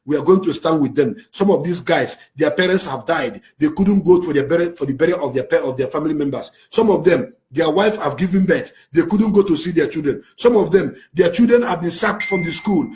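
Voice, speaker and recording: A man with a Nigerian accent delivers a fiery, impassioned rant to the camera, swinging between shouting and low, intense passages. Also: fairly quick, few pauses. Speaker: activist speaking to camera.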